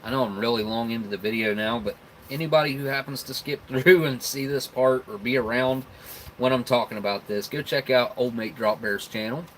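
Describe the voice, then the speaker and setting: A man's voice: mid-range voice, fairly quick, slight background noise, poor audio. A man with a Southern rural American accent hosting a casual live stream, rambling and chuckling as he tastes snacks and talks with his mouth full.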